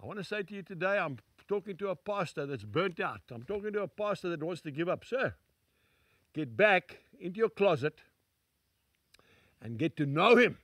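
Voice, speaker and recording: An older male evangelist preaches straight to camera in an emphatic, homely manner, repeating his points for weight. His voice sits high and swings widely up and down. The sound is bright and dry, close to the mic. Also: very animated, moderate pace, no room sound. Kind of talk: sermon to camera. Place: small studio set.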